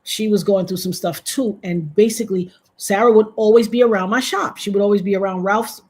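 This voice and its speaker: A woman from Trinidad, a guest on a video-call interview, telling a story in an animated way and acting out the voices of other people. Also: brisk, husky. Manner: animated, acts out quoted voices with big pitch jumps.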